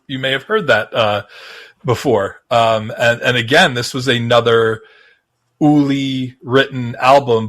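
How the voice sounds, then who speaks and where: Male podcast co-host, mid-pitched voice, rambling and halting, keen. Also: fairly bright tone. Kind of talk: casual chat.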